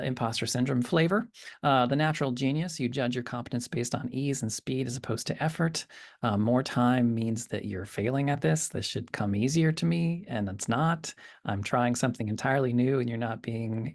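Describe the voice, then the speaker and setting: A man teaching a course module in a relaxed, hesitant way, often pausing and restarting. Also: mid-range voice, creaky. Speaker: course instructor. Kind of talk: lecture.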